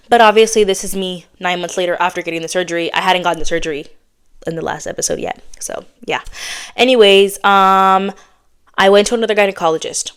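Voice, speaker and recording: A woman talks on her own podcast in a quick, candid, slangy way. She sounds slightly out of breath as she rushes along. Her voice is smooth and clear, pitched in an ordinary middle range. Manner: fast, chatty and blunt, with casual slang. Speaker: podcast host. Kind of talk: candid casual chat.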